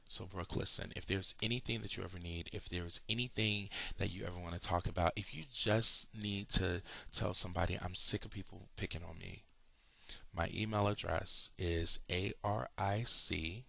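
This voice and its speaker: Gravelly, bright-voiced encouraging man. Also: sits low, steady tone, no echo. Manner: emphatic, encouraging, slows down to stress points. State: sleepy, yawning. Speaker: motivational speaker. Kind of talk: personal encouraging video message.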